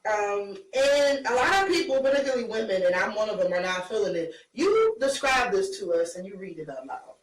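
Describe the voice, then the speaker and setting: A woman's voice: mid-range voice, very animated, brisk, few pauses. A woman co-hosting a casual chat show, talking bluntly with lots of fillers and laughs. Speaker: podcast co-host. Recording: echoey room from far off, faint noise.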